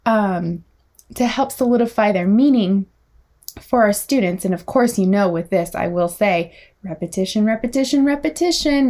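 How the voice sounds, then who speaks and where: A young woman, a speech therapist, giving an energetic teaching talk and sometimes acting out slow, animated child-directed words. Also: medium pitch.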